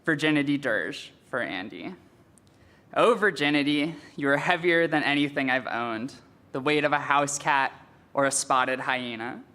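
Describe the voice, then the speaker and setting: A man's voice: medium pitch, unhurried, sharp tone. A young man, a student poet, reading his poems aloud at a live reading after a candid, offhand introduction.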